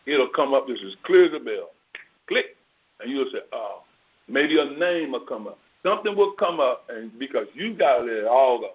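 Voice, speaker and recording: A man giving a casual, storytelling sermon as a spiritual teacher, colloquial and animated, acting out his own dialogue. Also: mid-range voice, normal speed. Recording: dull lo-fi recording.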